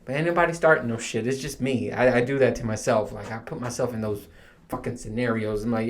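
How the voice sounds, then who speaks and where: A man's voice: medium pitch, fairly even intonation, brisk. Podcast host, man in his 30s: loose, profane, self-mocking solo chat. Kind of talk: casual monologue.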